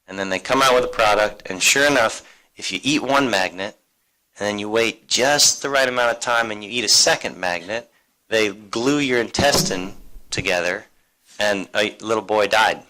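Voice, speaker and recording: On an alumni career panel at a university seminar, a man talks casually and conversationally, with lots of fillers and restarts. His voice is on the low side, pushed and bright, at a moderate pace, and the recording quality is low.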